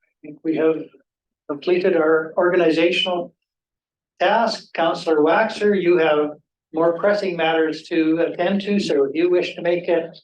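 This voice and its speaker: A man chairs a formal council meeting in a measured, procedural way, pausing on frequent ums. His voice sits a little high for a man. He is picked up from across a reverberant chamber. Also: fairly even intonation, a little hiss or hum. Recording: echoey room, voice from a distance.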